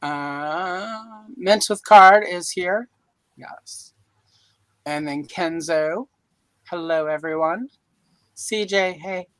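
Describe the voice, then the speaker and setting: A woman's voice: fairly low pitch, very slow, long pauses, fairly bright tone, no room sound, rough recording. A woman from Louisiana hosting a casual live-stream chat, joking and rambling with self-deprecating asides. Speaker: host. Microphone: video call mic.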